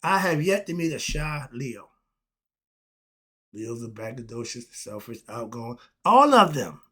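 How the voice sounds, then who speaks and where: A man's voice: medium pitch, sing-song, unhurried, pushed and bright. A man, delivering an emphatic, casual monologue full of rhetorical questions and short laughs. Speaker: philosophy vlogger.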